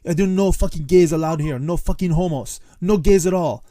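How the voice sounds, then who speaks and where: A man's voice: a little high, a little fast, dry recording, voice pushed up, lightly acted. A man putting on a Greek accent to play an angry old Greek restaurant owner who curses furiously. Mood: furious ranting. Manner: cursing, furious, shouting.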